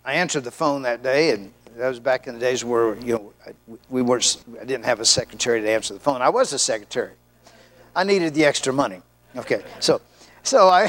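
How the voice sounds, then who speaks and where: Delivering a sermon, a middle-aged pastor tells stories and animatedly acts out the voices of the people in his anecdotes. His voice is mid-range.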